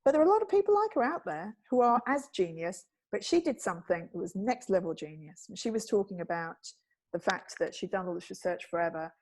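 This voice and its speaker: A woman's voice: animated, a little fast, a little mellow. A woman and TV producer, telling stories with wit and acting out the quoted voices. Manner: witty, acts out quoted voices with big pitch jumps. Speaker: guest, TV producer and speaker. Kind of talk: animated storytelling in conversation.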